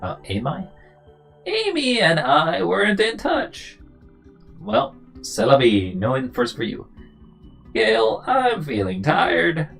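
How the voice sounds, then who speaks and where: A streamer voicing a teasing old woman in her eighties, in a slow sing-song manner, reading game dialogue aloud. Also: medium pitch, wildly swooping pitch, vocal fry, a bit bright, soft background music, heavily acted. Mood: wistful.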